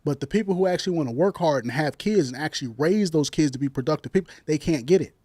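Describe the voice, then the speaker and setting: A man's voice: a little high, lively intonation, quick pace, darkish tone, dry recording, studio quality. A man from Jamaica arguing in a heated casual debate, blunt and crude, laughing at his own jokes.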